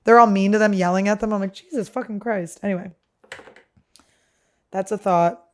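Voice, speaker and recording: A woman's voice: mid-range voice, fairly even intonation, moderate pace. A woman hosting a comedy podcast, ranting casually in a crude, sarcastic way. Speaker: podcast host.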